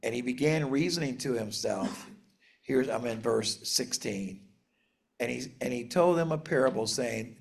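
A man preaching a sermon, reading scripture aloud and explaining it in an earnest, measured way, slowing down for emphasis. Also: mid-range voice, expressive, gravelly. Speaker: pastor.

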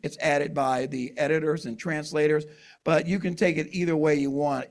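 A man's voice: a little high, fairly even intonation, moderate pace, creaky. A man preaching a conversational sermon, reading scripture aloud and explaining it with asides. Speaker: pastor.

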